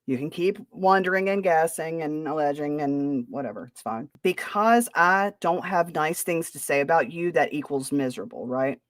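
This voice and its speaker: A woman's voice: low voice, normal speed, hardly any pauses, no room sound, studio quality. A woman hosting a podcast, talking casually in a sarcastic, defensive way. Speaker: podcast host. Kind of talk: casual chat.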